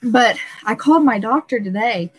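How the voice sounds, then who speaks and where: A woman's voice: a little high, lively intonation, normal speed, breathy edge. A woman hosting a casual live stream, rambling and emotional, laughing often and filling gaps with "uh" and "um".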